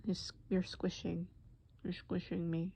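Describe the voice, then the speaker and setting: A woman voicing a young man gently soothing his dazed girlfriend in a whispered role-play, soft and affectionate, full of pet names. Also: lowish voice, flat delivery, a little slow, vocal fry, husky, dry recording, heavily acted. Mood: tender. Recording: dull lo-fi recording.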